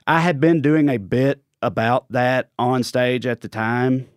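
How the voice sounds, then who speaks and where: A man's voice: medium pitch, fairly even intonation, unhurried, no room sound, clean studio sound. A man with a Tennessee Southern accent, a guest comedian chatting on a podcast, telling stories in a wry, self-deprecating way. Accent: East Tennessee Southern. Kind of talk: casual podcast chat.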